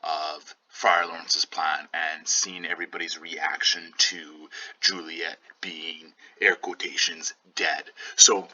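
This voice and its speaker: A very deep-voiced man with a bright, sharp edge casually explains a play to his class. The recording sounds dull and lo-fi. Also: flat delivery, slow pace, dry recording. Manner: casual, paraphrases in modern slang. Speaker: teacher. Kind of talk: reading aloud and explaining a play.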